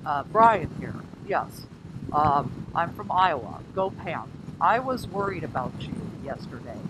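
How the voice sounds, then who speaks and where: A woman's voice: low voice, big pitch swings, a little slow. Woman doing a plain, earnest male rider buddy; wind roaring behind. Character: friendly male fellow rider from Iowa. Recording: wind noise outdoors.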